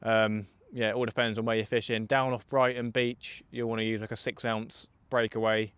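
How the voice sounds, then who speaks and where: This young Englishman offers casual live fishing commentary outdoors on a riverbank, joking and responding to viewers' questions. He speaks at a moderate pace with little pitch movement, in a fairly low, fairly bright, clear and resonant voice, with no room sound.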